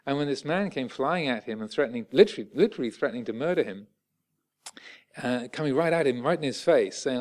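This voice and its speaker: A man, a Buddhist monk giving a dharma talk in a halting way with many pauses and restarts. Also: mid-range voice, animated.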